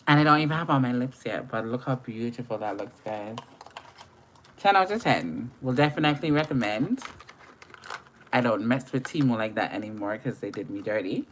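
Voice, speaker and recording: Deep-voiced woman livestreaming makeup. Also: lively intonation, normal speed, a little hiss or hum. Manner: chatty and playful, greets viewers by name. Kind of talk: live makeup tutorial chat.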